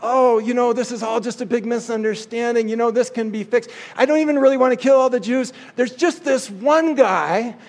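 A man's voice: extremely high pitch, normal speed, few pauses, voice pushed up. A man voicing a flustered official who grovels and babbles excuses. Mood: groveling.

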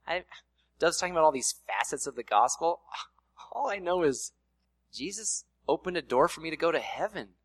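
A man's voice: fairly high pitch, lively intonation, moderate pace, breathy edge, no room sound. A man preaching a sermon in a casual, conversational way, slipping in playful voiced asides. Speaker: pastor.

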